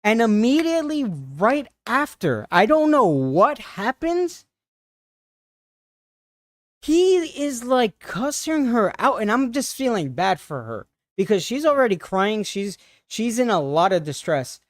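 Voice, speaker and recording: A man on a livestream retelling an upsetting encounter in a halting, shaken way, with many restarts. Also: high-pitched, big pitch swings, no room sound, clean studio sound. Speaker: streamer. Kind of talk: casual storytelling on a livestream.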